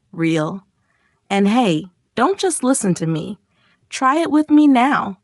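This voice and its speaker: A woman's voice: mid-range voice, no echo, studio quality. A woman narrating a scripted English lesson, acting out sample reactions as she goes. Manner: lively, acts out example reactions. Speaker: English teacher.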